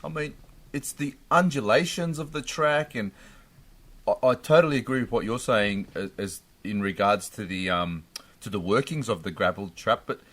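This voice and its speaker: A man's voice: on the low side, normal speed, fairly bright tone. A man, co-hosting a casual podcast, enthusiastic and laughing often. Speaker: podcast co-host. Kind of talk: casual chat.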